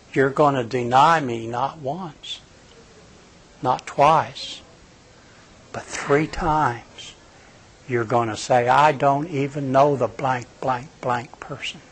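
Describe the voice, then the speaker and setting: A man preaching and voicing a gentle, grieving teacher who speaks softly and slowly. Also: mid-range voice, a little hiss or hum, close to an everyday voice. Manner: soft, slow, hushed. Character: gentle grieving male teacher, quiet and tender.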